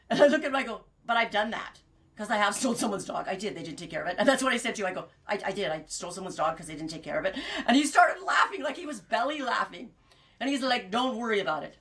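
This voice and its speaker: Woman podcast host, bright voice, rambling storyteller who laughs at her own jokes. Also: medium pitch, animated, quick pace. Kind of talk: casual chat.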